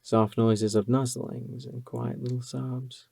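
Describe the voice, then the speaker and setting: A male narrator reads a dramatic audiobook in a measured way. His voice is dark and gravelly, and the recording is dry and close. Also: medium pitch, flat delivery, dry recording.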